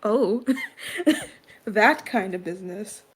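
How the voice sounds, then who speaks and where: A woman playing a tabletop game, bubbly and quick to laugh. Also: medium pitch, breathy edge. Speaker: player. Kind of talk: casual tabletop play.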